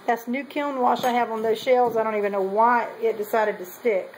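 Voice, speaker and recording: A woman whose voice is on the high side and a little mellow shows her pottery from the kiln, speaking at a moderate pace with fairly even intonation. Her casual vlog talk meanders with plenty of ums and self-corrections, and the poor audio has a little hiss or hum.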